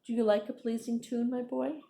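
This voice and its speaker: Woman reading as a gentle, weary old man. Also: a little high, fairly even intonation, brisk, gravelly, pitched above the performer's own voice. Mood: kindly.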